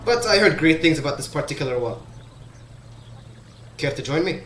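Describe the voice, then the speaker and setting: A proud, guarded dwarf engineer played by a man speaks in a fairly high voice. His questions are measured and probing, and they ring out in a roomy, echoing space. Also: lively intonation, fairly bright tone, faint music behind. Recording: echoey room sound.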